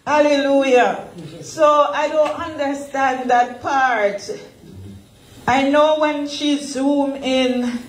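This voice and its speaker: A woman's voice: high-pitched, fairly even intonation, slow. A woman pastor leading a Bible study sermon, earnest and emotional, laughing often as she talks. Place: church worship center. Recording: echoey church room.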